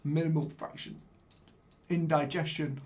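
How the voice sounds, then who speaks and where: A man giving casual live-stream commentary while he plays a game, excitable, swearing and chatting with viewers. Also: fairly high pitch, a little slow.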